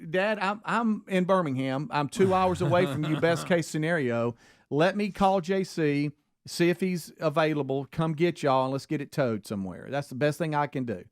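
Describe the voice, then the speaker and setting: A middle-aged man from Alabama tells a family story on a radio talk show. His voice sits a little high and he keeps slipping into the voices of the people he quotes. The studio sound is dry and close. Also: no echo. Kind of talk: casual storytelling chat.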